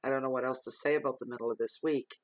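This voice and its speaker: A man gives a general tarot reading in an earnest, rambling way, stopping often on ums as he talks straight to his listeners. His voice sits at an ordinary middle pitch. The recording is dry and close, with no room sound. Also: fairly even intonation, very fast, no echo, low-quality recording. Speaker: tarot reader.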